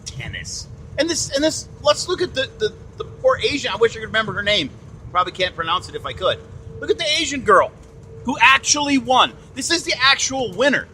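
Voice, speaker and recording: Slight background noise sits under this phone recording of a podcast host's indignant rant. His very high voice is sing-song, pushed and bright, and a little fast as he swears bluntly and keeps repeating himself.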